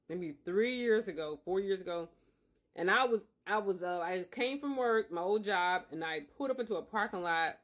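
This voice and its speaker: A man's voice: high voice, fairly bright tone. Earnest man giving a faith testimony. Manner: earnest, emphatic, circling back with repeated phrases. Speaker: podcast host. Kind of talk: personal faith testimony monologue.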